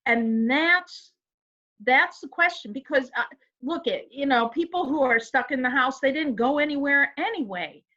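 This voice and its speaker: A woman's voice: sits high, moderate pace, pushed and bright, lo-fi sound. A woman co-hosting a casual inspirational chat, earnest and emphatic, who asks rhetorical questions. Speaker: co-host.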